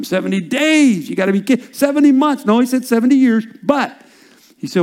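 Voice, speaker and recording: An older man preaching a sermon as a pastor, swinging from loud, stressed phrases down to hushed whispers. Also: high-pitched, sing-song, brisk, vocal fry.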